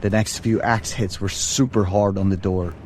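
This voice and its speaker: Low-voiced man narrating a horror tale. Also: moderate pace. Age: 30s. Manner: casual and slangy, relaxed storytelling. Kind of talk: scripted first-person horror narration. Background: background music.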